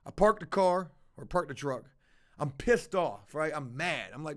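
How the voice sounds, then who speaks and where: A man's voice: on the high side, lively intonation, unhurried. A man livestreaming to his viewers, telling a confessional story in a blunt, profane, casual way. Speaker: livestreaming vlogger.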